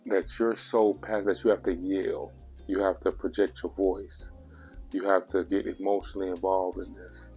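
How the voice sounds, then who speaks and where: A man's voice: deep voice, little pitch movement, normal speed, darkish tone, husky, soft background music. A man giving blunt relationship advice in a casual vlog monologue, preachy and repetitive, with coarse language.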